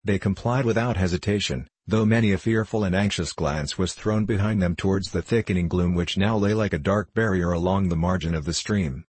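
A man narrating a classic novel in a measured, even reading, recorded close to the mic. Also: low-pitched, husky, no echo, poor audio. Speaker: audiobook narrator. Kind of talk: scripted narration.

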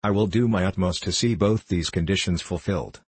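A man's voice: low voice, a little fast, breathy edge, no echo. A man reading aloud, voicing a polite, earnest young army officer in an audiobook.

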